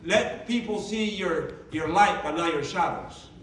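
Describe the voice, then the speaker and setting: A man with a fairly high voice gives an emphatic motivational talk to an audience in a large meeting room. He repeats his key lines and fires questions at the crowd. The sound is very echoey, picked up from far off, with faint room noise. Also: unhurried, a bit bright. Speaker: motivational speaker for a sales team.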